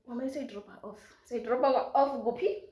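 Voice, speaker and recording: A young South African woman spins a dramatic story for her vlog, voice pitched a little high. She tells it with lively drama, and the sound has a roomy echo. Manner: animated, dramatic storytelling with quick switches into isiZulu. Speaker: vlogger.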